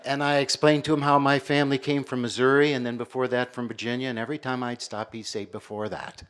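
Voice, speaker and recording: An American man in his sixties, a university professor giving a public lecture with measured storytelling. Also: medium pitch, little pitch movement, fairly bright tone, smooth. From United States. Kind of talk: public lecture with personal stories.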